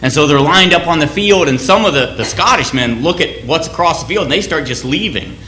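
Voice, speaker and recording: A man's voice: a little high, lively intonation, a little fast, pushed and bright, echoey room, slight background noise. A man giving a sermon in a conversational, anecdotal way, often restarting his phrases. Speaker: church speaker.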